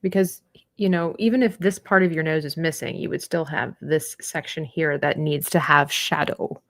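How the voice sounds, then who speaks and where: A young woman talks as she paints, chatty and rambling, often trailing off. Her voice sits fairly low, and the recording is close and dry with no room sound. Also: steady tone, normal speed, fairly bright tone, no room sound. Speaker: livestreaming artist. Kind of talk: casual chat while painting.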